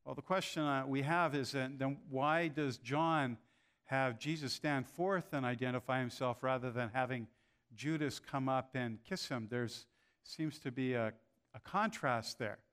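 Slow, measured male preacher. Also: mid-range voice, fairly bright tone, clear, resonant tone. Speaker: pastor. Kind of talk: sermon.

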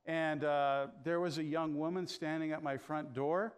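A middle-aged pastor preaching in a relaxed, storytelling way, his speaking voice sitting a touch higher than most men's. He talks, pausing on "uh" as he works his way toward the point. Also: clean tone. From Canada. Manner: storytelling, frequent "uh" fillers, acts out dialogue. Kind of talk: conversational sermon with anecdotes.

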